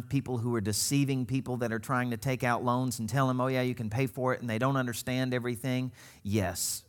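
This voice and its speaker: A middle-aged man from Missouri preaching a sermon as pastor, telling stories with laughs and quoted voices. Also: medium pitch. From Missouri, United States.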